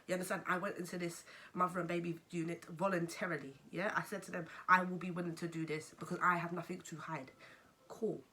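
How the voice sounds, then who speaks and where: A young woman with a London accent, telling a story to camera in a casual, animated way and swearing freely. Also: fairly low pitch, fast talker, slight background noise. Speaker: vlogger.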